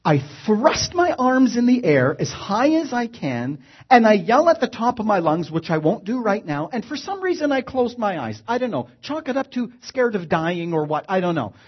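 A man telling a funny personal story in an animated, wry way, acting out the action. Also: high voice, normal speed, breathy edge, muffled recording. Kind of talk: live comic storytelling.

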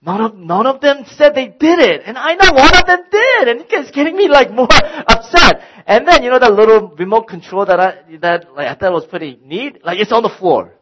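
A middle-aged man, a pastor, preaching a sermon and telling a personal story in an animated way, acting out his own exasperation. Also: extremely high pitch, normal speed, few pauses, slight background noise, poor audio.

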